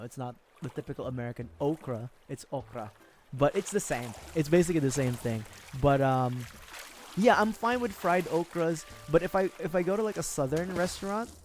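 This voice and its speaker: A man's voice: mid-range voice, darkish tone. A young man streaming, chatting casually and rambling, with frequent laughs. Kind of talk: casual livestream chat.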